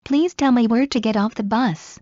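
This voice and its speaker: Lady reading phrase drills one by one, kinda high voice, flat dull dry sound. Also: dry recording. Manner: measured, with a pause after each phrase. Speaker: English phrase reader. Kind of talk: slow read-aloud phrase drill.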